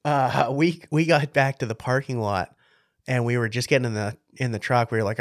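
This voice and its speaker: Excited West Virginia man telling hunting stories. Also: medium pitch, brisk, no echo, clean studio sound. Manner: excited storytelling, laughs often. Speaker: podcast co-host. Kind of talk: casual storytelling chat.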